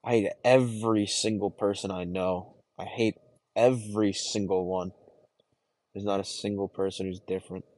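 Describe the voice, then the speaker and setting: Low-voiced young man, brooding and halting. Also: steady tone, darkish tone. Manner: halting, brooding, talking to himself. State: distressed. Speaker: podcast host. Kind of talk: confessional solo monologue.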